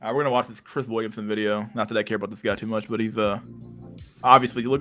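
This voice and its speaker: A man's voice: lowish voice, steady tone, fast, a bit bright, soft background music. A man hosting a casual livestream chat, rambling and crude, packed with internet slang. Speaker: livestream host.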